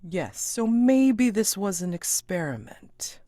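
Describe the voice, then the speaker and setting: A woman voicing a haughty, scheming prince who speaks slowly and deliberately. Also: medium pitch, very animated, dark tone, no room sound, pitched above the performer's own voice. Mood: smug.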